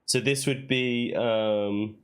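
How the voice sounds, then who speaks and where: A man's steady, clean, medium-pitched voice moves slowly as he plays a puzzle game on stream. He thinks aloud in casual let's-play fashion, sounding out words he's made up.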